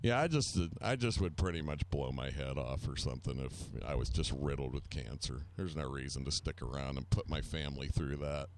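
A man's voice: very deep voice, a little fast, hardly any pauses, slight background noise. A man telling rambling, self-mocking anecdotes in casual chat, acting out the people he quotes.

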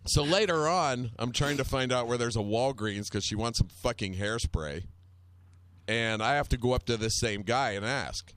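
A man's voice: mid-range voice, expressive, moderate pace, a bit bright, no echo. A man telling a long, rambling anecdote in casual chat, wry and full of swearing.

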